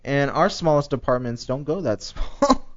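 Man, casual co-host, mid-pitched, stammering storyteller, lo-fi recording. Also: animated, normal speed, a bit bright. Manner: storytelling, stammers on restarts, laughs often. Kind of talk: casual chat. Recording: slightly dull lo-fi recording.

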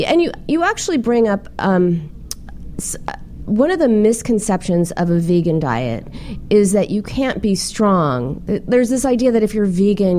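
A middle-aged woman hosting a casual interview, chatty and animated as she tells stories. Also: medium pitch, moderate pace, a little hiss or hum. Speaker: show host.

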